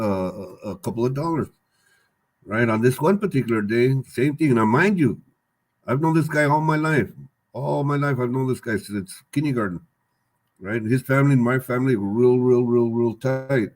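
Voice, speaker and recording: A man's voice: mid-range voice, normal speed, a little mellow. An older man, a guest on an interview show, telling his story candidly in streetwise slang, repeating himself and swearing freely. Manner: rambling, repeats words and phrases, swears freely.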